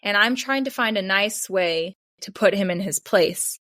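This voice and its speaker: A young woman guest on a podcast, telling a personal story in a lively, chatty way, saying "like" often and acting out what people said. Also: medium pitch, measured pace, no room sound, clean studio sound. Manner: animated retelling, acts out both sides of conversations, frequent "like". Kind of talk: casual storytelling interview.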